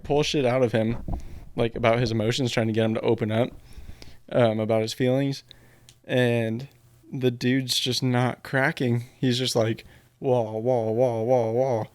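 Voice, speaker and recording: A man's voice: mid-range voice, a little mellow, no echo. A man hosting a podcast, casually retelling a dating show in a rambling, filler-heavy way. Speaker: podcast host.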